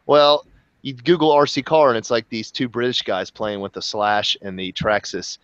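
A man's voice: medium pitch, fairly even intonation, moderate pace, fairly bright tone, dry recording, muffled recording. A man in his thirties co-hosting a casual hobby show, chatty and joking. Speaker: co-host. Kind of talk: casual chat.

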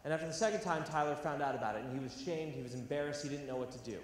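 A man's voice: fairly high pitch, rapid-fire, far from the mic. A young man from California giving an earnest, emphatic talk to an audience at a university, with some self-deprecating humor. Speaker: educational theatre speaker. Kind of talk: public talk to a live audience. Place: large university hall. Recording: echoey hall, faint noise.

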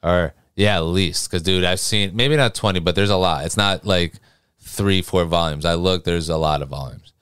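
A man's voice: sits low, moderate pace, fairly bright tone, clean tone, dry recording, clean studio sound. A young man chatting casually as a podcast co-host, rambling, swearing often and trailing off mid-sentence. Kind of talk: casual chat.

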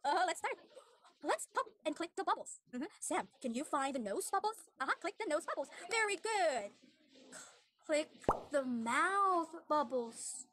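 Very high, bright-voiced woman teaching a child. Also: very animated, slight background noise. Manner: exaggerated cheerful praise, slow teacher-talk to a small child. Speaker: online English teacher. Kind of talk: demo lesson for a young child.

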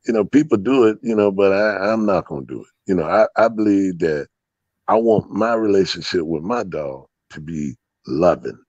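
A low-voiced man spins loose, profane stories, full of fillers and chuckles. The sound is dull and muffled in a dry, close space. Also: expressive, normal speed, a little mellow, no room sound. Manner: rambling, profane, laughing storyteller with many fillers. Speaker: interview guest, dog breeder. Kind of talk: casual storytelling interview.

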